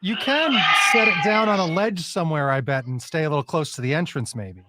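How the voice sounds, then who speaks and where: A man co-hosting a radio morning show in a studio, teasing the others with wisecracks and quick laughs. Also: a little high, animated, heavy background noise. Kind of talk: casual on-air banter.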